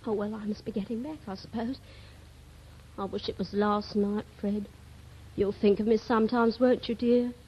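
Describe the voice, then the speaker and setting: A woman's voice: mid-range voice, fairly even intonation, normal speed, a little hiss or hum, close to an everyday voice. An actress playing a young woman on the telephone to her sailor sweetheart, clingy and jealous, chattering breathlessly in a 1930s radio comedy. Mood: pleading. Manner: breathless one-sided phone chatter, fretful and pleading. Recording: dull old radio archive recording.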